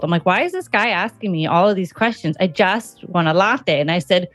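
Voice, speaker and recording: A woman's voice: on the low side, lively intonation, brisk, hardly any pauses, dry recording, faint music behind. A woman hosting a podcast interview, chatty and storytelling, acting out little exchanges as she goes. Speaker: podcast host. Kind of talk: casual interview chat.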